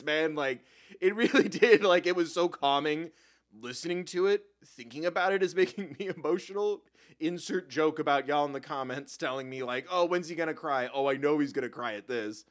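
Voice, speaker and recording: A young man hosting a casual reaction video, emotional and openly moved, swearing often and laughing between his words. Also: medium pitch.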